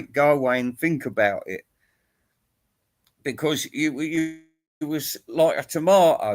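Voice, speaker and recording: A man giving a rambling, teasing, crude rant aimed at other online commentators. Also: mid-range voice. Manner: teasing, crude, laughs at own jokes. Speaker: YouTube commentator. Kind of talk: rambling mock-serious rant.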